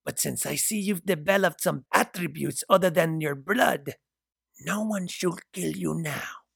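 A man reading a story aloud, voicing a calm, menacing male captor who mocks and chuckles darkly. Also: on the high side, measured pace, no room sound, clean studio sound, voice pushed up, full character voice. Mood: cold. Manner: smooth, mocking, chuckles darkly.

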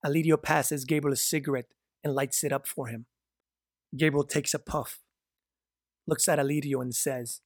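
A man narrating a dark story in a measured, descriptive reading. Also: mid-range voice, fairly even intonation, no room sound, clean studio sound.

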